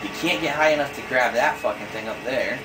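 A man's voice: mid-range voice, brisk, noisy background. A young man giving frustrated, swear-heavy commentary while playing a video game. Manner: cursing, exasperated, thinks aloud. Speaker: gamer.

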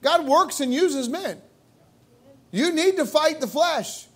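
A man's voice: extremely high pitch, expressive, takes it slowly, fairly bright tone. A male pastor preaching a sermon in a church, emphatic and full of rhetorical questions. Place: church sanctuary.

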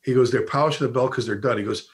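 A middle-aged fire service instructor tells stories in a casual chat, quick and animated, often restarting sentences and quoting his old bosses. His voice has a medium pitch.

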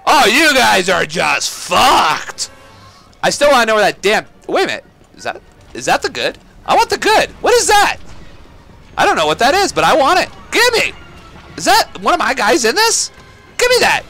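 Man, gaming commentary, high voice, gravelly, yelling, game music behind. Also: moderate pace. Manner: excitable, swearing, yelling at enemies. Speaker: gaming YouTuber. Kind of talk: let's play commentary.

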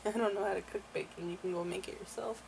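A woman's voice: mid-range voice, steady tone, moderate pace, gravelly, noisy background. A young woman vlogging casually at home with her partner, chatty and prone to giggling. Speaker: family vlogger. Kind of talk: casual chat.

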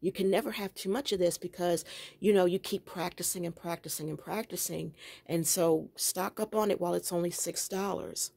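Woman, lowish voice, chatty craft room tour, rambling, laughs a lot. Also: darkish tone. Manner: chatty, digressive, laughs often. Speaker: planner and journaling vlogger.

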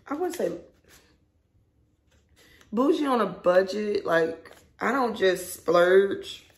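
A woman talks to her viewers in an unhurried, excited way. Her voice has a gravelly edge and bounces around an echoey room. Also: fairly low pitch. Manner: chatty, excited, addresses viewers as y'all. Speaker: vlogger. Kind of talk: casual unboxing chat.

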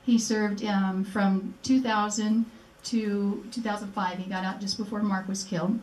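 At a measured pace, an older woman with a mid-range, steady, slightly mellow voice tells her personal story as a speaker at a memorial event. She speaks earnestly and acts out remembered dialogue in a museum presentation room. The room is echoey and the mic sits at a distance.

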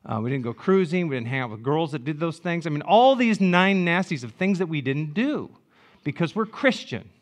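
A man in his sixties preaches as a pastor, his voice a little high and his pace moderate. The sermon mixes joking, animated storytelling with a range from loud asides to hushed reflection.

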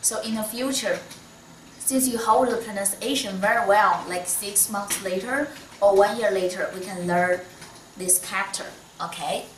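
A woman teaching Mandarin in non-native English with a Chinese accent, patient and slow, with many soft "mm"s. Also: mid-range voice, a little hiss or hum. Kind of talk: one-on-one online lesson. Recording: echoey room, voice from a distance.

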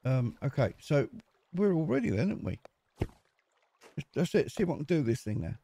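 Jokey male gaming host, lively up-and-down delivery, mellow tone. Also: a little high, brisk, slight background noise. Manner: chatty, jokey, talks to himself while playing. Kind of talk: casual let's-play commentary.

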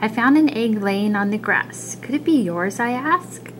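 A woman voicing a polite, soft-spoken young boy on a quest in a storybook reading. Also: a little high, lively intonation, unhurried, slight background noise, low-quality recording.

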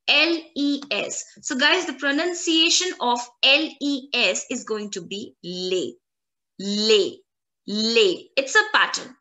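A woman language instructor teaching an online lesson, repeating words slowly and clearly for learners. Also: fairly high pitch, sharp tone. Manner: slow, drawn-out repetition of French words for learners.

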